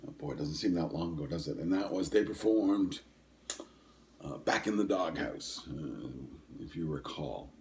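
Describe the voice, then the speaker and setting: A man's voice: low voice, lively intonation, moderate pace, a little mellow. A man in his sixties hosting a podcast, chatting casually in a rambling, hesitant way with lots of ums and self-corrections. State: coughing and sniffling. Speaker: podcast host. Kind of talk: casual solo podcast chat.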